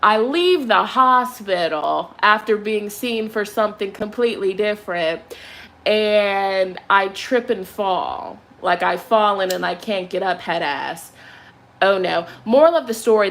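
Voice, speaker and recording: A woman's voice: mid-range voice, measured pace. A young woman who reads tarot, chatting casually and telling a story with lots of swearing before doing a candle ritual. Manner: chatty, profane, animated storyteller. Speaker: tarot reader.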